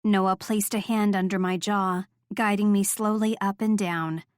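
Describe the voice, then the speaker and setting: A woman reading a first-person romance audiobook in a soft, intimate, measured voice. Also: medium pitch, fairly even intonation, smooth, dry recording, studio quality. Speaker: audiobook narrator.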